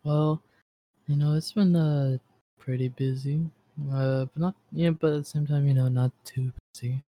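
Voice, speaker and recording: Rambling man with a mellow voice. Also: a little high, steady tone, normal speed. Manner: rambling, hesitant, crude humor. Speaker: podcast co-host. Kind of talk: casual storytelling chat.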